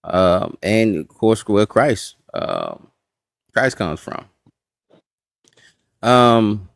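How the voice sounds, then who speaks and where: Bible study teacher, man, low and folksy, dry close mic. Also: no echo. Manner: folksy, says y'all, talks to the class. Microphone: streaming setup.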